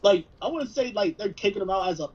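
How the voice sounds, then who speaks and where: Podcast co-host guy, high husky voice, restarts his sentences a lot, lo-fi mic. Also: expressive, fast talker, a little mellow. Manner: storytelling with repeated restarts. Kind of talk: casual podcast chat. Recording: dull lo-fi sound.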